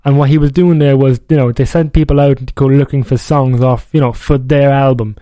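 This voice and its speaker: Mellow-voiced radio DJ, rambling. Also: male voice, mid-range voice, fairly even intonation, a little fast, no echo. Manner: rambling, self-correcting, chatty. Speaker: radio DJ host. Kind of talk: casual music show chat.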